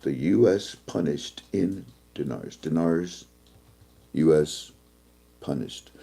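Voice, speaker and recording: A man's voice: very deep voice, animated, slow pace, creaky, dark tone, husky. A man hosting a casual talk show, telling a story animatedly and acting out both sides of a conversation. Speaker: host.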